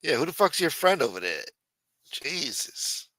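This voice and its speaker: A man's voice: fairly high pitch, sing-song, measured pace, sharp tone, no echo, rough recording. Profane, teasing male livestream host. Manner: profane, teasing, riffs on viewer chat. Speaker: live show host. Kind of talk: casual live-stream chat.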